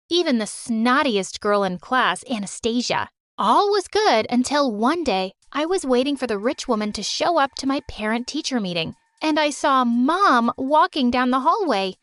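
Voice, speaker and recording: A woman narrating a first-person animated story in a dramatic, expressive way. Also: sits high, dry recording.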